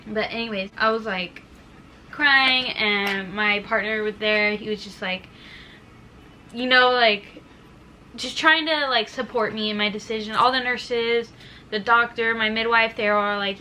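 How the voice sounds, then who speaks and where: A young woman recounts a personal story in a loose, chatty vlog style, leaning on "like" and letting emotion through. Her voice sits a little high and rings very bright. Faint background noise sits under the recording. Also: moderate pace, poor audio. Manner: chatty, many "like" fillers, emotional. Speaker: vlogger.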